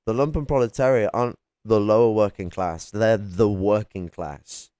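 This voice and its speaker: A man with a fairly low voice argues on a live stream from home, combative and sarcastic. He lectures with casual swearing. The sound is dry and close, with no room around it. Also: normal speed, warm tone, no room sound. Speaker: political streamer debating chat. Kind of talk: heated live-stream argument. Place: home at night.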